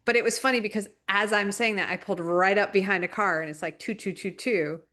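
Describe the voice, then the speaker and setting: A woman co-hosting a casual spiritual chat podcast, talking reflectively in halting, searching phrases. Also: medium pitch, bright, forceful tone. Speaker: podcast co-host.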